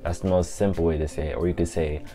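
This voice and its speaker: Low-voiced man teaching phrases casually. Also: soft background music. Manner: repeats phrases slowly and clearly; relaxed, loose explaining with fillers. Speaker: language teacher. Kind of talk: casual language lesson.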